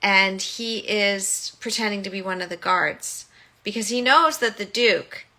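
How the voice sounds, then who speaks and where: A woman's voice: mid-range voice, measured pace, bright, forceful tone. A woman hosting a solo podcast, casually retelling a film and acting out its quoted lines. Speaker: podcast host and motherhood coach.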